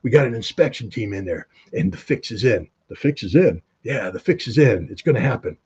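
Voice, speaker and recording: Husky, dark-voiced man telling war stories. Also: fairly low pitch, fairly quick. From United States. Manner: animated anecdotes, acting out quoted dialogue. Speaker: guest, former weapons inspector. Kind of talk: interview storytelling. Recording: dull, slightly lo-fi audio.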